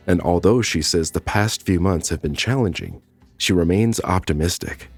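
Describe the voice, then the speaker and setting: A man reading scripted true-crime narration in a measured, even delivery. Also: sits low.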